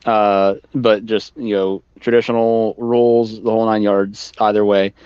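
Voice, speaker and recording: A man's voice: fairly low pitch, flat delivery, unhurried, clear, resonant tone, no echo, muffled recording. A man co-hosting a casual podcast chat, laid-back and full of filler words and casual swearing. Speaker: podcast co-host.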